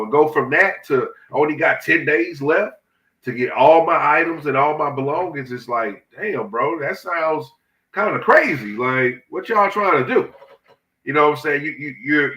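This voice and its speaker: A man with a bright, forceful voice, stuffed up from his sinuses. He talks loose and slangy with a casual, conversational rhythm. The room around him is echoey. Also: on the high side, moderate pace, recorded from a distance. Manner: laid-back slang-heavy banter, "you know what I'm saying". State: congested from sinuses. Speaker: podcast co-host. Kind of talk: casual chat.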